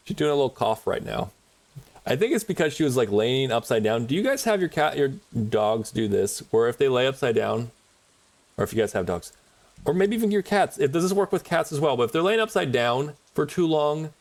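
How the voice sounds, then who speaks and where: A man's voice: medium pitch, darkish tone. A man streaming a game, chatting casually and rambling with frequent laughs. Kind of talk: casual chat while gaming.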